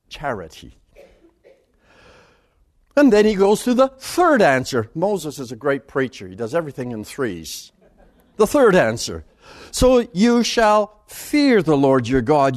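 A man preaching a sermon, reading scripture with loud, soaring passages and dropping to quiet asides. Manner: dramatic swings between booming scripture reading and quiet asides.

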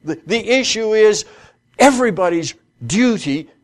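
A man lectures a class on scripture in a fairly high voice, unhurried and deliberate. He stumbles through fillers and restarts, then leans hard on each quoted verse as he reads it out slowly. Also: animated. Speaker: Bible lecturer.

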